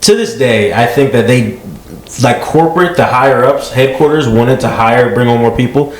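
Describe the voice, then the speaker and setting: A man's voice: mid-range voice, moderate pace, echoey room, poor audio. A man co-hosting a comedy podcast, chatting casually with blunt, swearing reactions. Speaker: podcast co-host. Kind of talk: casual chat.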